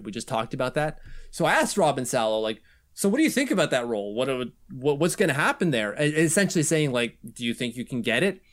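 A man co-hosting a casual hockey podcast, talking loosely and laughing often. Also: medium pitch. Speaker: podcast co-host.

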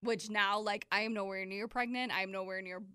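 A young woman co-hosting a casual chat, telling a story with lively acted-out quotes. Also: moderate pace, clear, resonant tone, dry recording, studio quality. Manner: animated storyteller, acts out quotes with big pitch jumps.

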